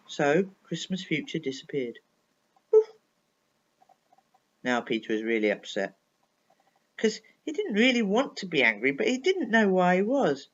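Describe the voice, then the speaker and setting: A woman's voice: lowish voice, wildly swooping pitch, measured pace, pauses often. A woman telling a children's story expressively, asking her listener questions along the way. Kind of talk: bedtime story reading for children. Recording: dull lo-fi recording.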